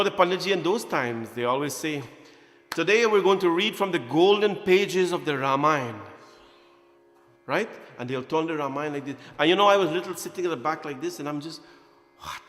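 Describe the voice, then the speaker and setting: Joking temple priest in an echoey hall. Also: male voice, on the high side, fairly bright tone. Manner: jokey, laughing, acts out childhood voices. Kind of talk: storytelling at a prayer gathering. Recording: echoey hall, faint music behind.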